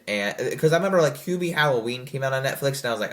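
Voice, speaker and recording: Animated young adult rambling film reviewer. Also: medium pitch, quick pace, few pauses. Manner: animated, rambling, with frequent fillers and self-corrections; does mocking quoted voices. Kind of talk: casual movie review commentary.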